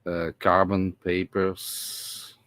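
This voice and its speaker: A man hosting a casual live stream from home, talking haltingly with lots of repeated words and chuckles. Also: sits low, completely flat delivery, fairly bright tone, clear, resonant tone, dry recording.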